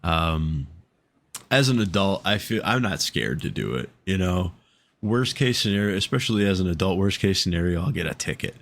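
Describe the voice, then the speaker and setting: Deep-voiced profane male podcaster. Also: lively intonation, normal speed, vocal fry, fairly bright tone. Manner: profane, laughs often. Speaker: podcast co-host. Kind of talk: casual podcast chat.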